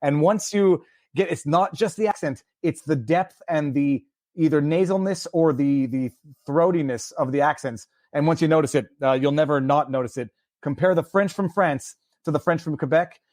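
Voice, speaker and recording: A man's voice: on the high side, fairly quick, darkish tone, dry recording, studio quality. Earnest man hosting a podcast. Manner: earnest, opinionated, lots of restarts. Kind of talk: casual podcast chat.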